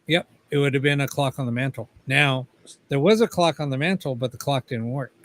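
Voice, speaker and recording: A man's voice: medium pitch, a little fast, fairly bright tone. A man, a paranormal investigator, casually telling a story as a guest, swearing freely and acting out the dialogue.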